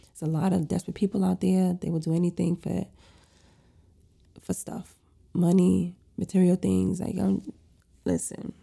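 Gravelly, dark-voiced woman venting. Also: lowish voice, flat delivery, normal speed, pauses often. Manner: venting, stressed, conversational with fillers. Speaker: lash and facial technician. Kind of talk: casual storytime vlog.

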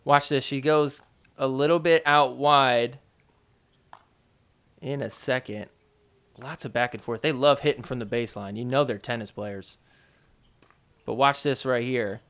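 A man's voice: mid-range voice, unhurried, long pauses, a bit bright, clean tone. A man hosting a podcast, giving a casual, joking play-by-play recap of matches and poking fun at the referees. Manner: joking, mocks referees in quoted asides.

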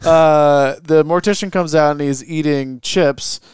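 Man, podcast co-host, slightly higher pitch, laid-back movie recap. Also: steady tone, measured pace, a little mellow, clear, resonant tone, no room sound. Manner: laid-back, filler-heavy storytelling. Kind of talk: casual chat, recapping a movie. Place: garage.

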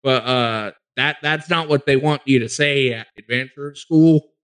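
A folksy male forest gnome rambles on in a thick drawl, as a man puts him on for a tabletop game. The voice sits in a middling pitch and keeps the easy, meandering pace of a storyteller at the table. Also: unhurried, a bit bright, smooth, lightly acted. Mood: rambling. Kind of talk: tabletop role-play.

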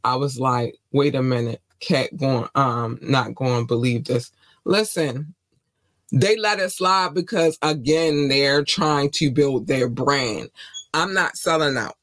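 Slow and fairly bright, his mid-range voice comes through with no room sound. This Baltimore podcast host, accent and all, speaks in a casual monologue, passionate and defiant, repeating what he's said.

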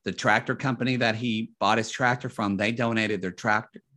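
A man's voice: fairly low pitch, steady tone, moderate pace, bright, forceful tone. Rambling man telling family stories. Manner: rambling, many restarts. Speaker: podcast guest. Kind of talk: casual storytelling.

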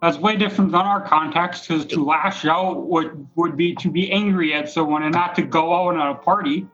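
A man's voice: a little high, normal speed, fairly bright tone, muffled recording, soft background music. An American man, a podcast guest, giving short dry replies in a casual chat. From United States.

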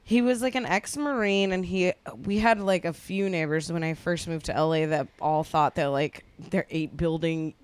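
A woman telling a story in relaxed, conversational talk, with fillers. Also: lowish voice, normal speed, few pauses, smooth. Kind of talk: casual chat, storytelling.

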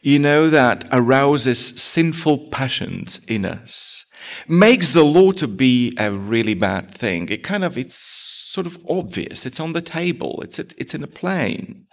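A man's voice: mid-range voice, very animated, slow pace. A man preaching a sermon as pastor, asking his congregation rhetorical questions.

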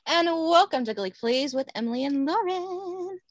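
A woman's voice: very high voice, lively intonation, moderate pace, no echo. A young woman co-hosting a podcast, with a slight twang and an announcer-like voice, chatting casually. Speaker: podcast co-host. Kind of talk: casual chat.

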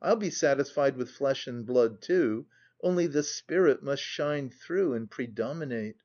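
A man reading an audiobook, voicing a timid, gentle young woman with a raised, pleading voice. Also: mid-range voice, lively intonation, measured pace, muffled recording.

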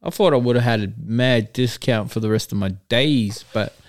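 A man, a podcast guest telling a story slowly and jokily, with many fillers. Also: medium pitch, dry recording, clean studio sound. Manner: slow, hesitant, jokey storytelling with many fillers. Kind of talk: casual podcast chat.

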